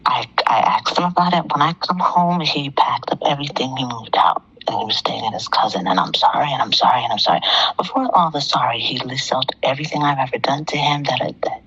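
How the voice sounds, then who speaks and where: A middle-aged woman calls in to a talk show with a very deep, slightly bright voice that has a breathy edge, speaking fairly quickly over dull audio. She tells a personal story emphatically, repeating phrases for effect.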